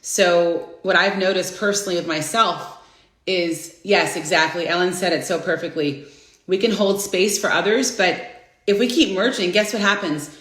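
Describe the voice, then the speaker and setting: A woman in her forties hosting a live inspirational stream, chatting casually and greeting viewers by name with bursts of excitement. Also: lowish voice, moderate pace. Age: 40s. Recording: roomy echo.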